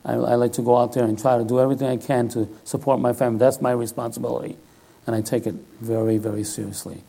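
A man's voice: mid-range voice, little pitch movement, fast talker, vocal fry, mellow. An older man giving a sermon in a conversational style, often checking in with "all right?". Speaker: lay preacher.

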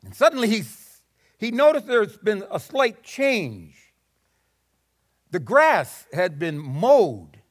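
Slow, lively male preacher. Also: high-pitched. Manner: dramatic, repeats words. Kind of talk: sermon storytelling.

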